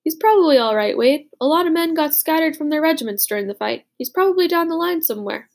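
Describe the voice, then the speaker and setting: A woman voicing a rough, blunt teenage boy soldier, once a bully, in an audiobook. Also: high voice, expressive, quick pace, pitched above the performer's own voice. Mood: gruff.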